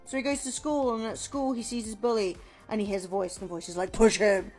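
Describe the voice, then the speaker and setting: A woman's voice: a little high, lively intonation, fast talker, a little mellow, faint music behind. A woman streamer chatting casually and retelling a story in a rambling, playful way, full of "like" fillers.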